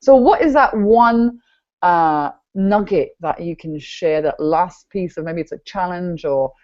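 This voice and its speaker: A woman hosts an interview show, lower-pitched than most and full of emphatic enthusiasm. She repeats phrases as she builds her points. The audio is dull and lo-fi. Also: a little slow. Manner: animated, emphatic, repeats herself. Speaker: podcast host.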